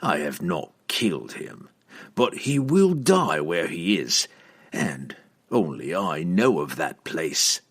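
A man voicing a cold, sneering male assassin who growls his threats slowly. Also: deep voice, sing-song, breathy edge, exaggerated voice. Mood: menacing. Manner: growling, slow and menacing.

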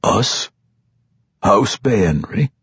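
A man playing an old, sly archmage who mocks calmly and speaks slowly. His voice is deep, husky and dry. The audiobook sound is dull and lo-fi. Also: dry recording, full character voice. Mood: wry. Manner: dry, slow and mockingly calm. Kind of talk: audiobook character voice. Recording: dull lo-fi recording.

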